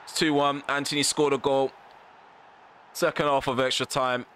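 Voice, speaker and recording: A man's voice: mid-range voice, level tone, moderate pace, fairly bright tone, a little hiss or hum. A man commentating live over his football video game, ranting in frustration and repeating himself in slangy phrases. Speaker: gaming YouTuber.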